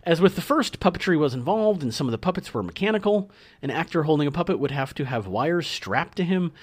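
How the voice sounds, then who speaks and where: Lively man reading film trivia. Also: on the high side, fast. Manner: reads notes aloud with chatty asides. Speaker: podcast co-host. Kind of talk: casual podcast chat reading film trivia.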